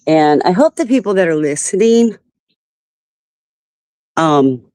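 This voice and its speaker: A woman's voice: fairly low pitch, expressive, takes it slowly, mellow, no room sound. Upset woman on a casual livestream. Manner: upset and rambling, greeting viewers by name. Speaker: livestream host. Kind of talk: casual live-stream talk to viewers.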